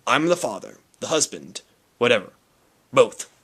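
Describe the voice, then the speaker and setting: A man's voice: medium pitch, big pitch swings, moderate pace, fairly bright tone, husky. A man voicing a mild, doubtful, ordinary middle-aged husband in an audiobook reading. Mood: mild puzzlement.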